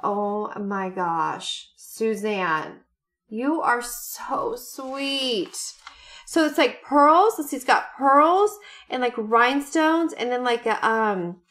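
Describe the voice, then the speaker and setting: A woman vlogger opening fan mail on camera, chatting casually, gushing and excited, with frequent gasps and many rambling fillers. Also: a little high, normal speed.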